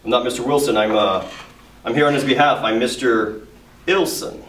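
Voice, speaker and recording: A man's voice: mid-range voice, normal speed, a bit bright, slight background noise. Goofy boastful male teacher. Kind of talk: joking school interview. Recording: echoey room from far off.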